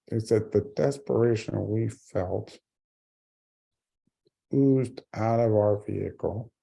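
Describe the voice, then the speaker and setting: A man's voice: on the low side, creaky, mellow, breathy edge. A man in his forties giving a speech, telling a personal story with earnest humor. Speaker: keynote speaker.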